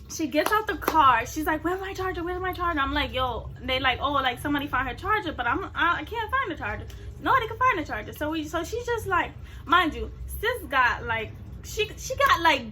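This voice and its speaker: A woman's voice: sits high, slight background noise. A young woman telling a personal story on her vlog, casual and profane, acting out what everyone said. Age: young adult. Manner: animated, profane, acts out quotes. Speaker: vlogger.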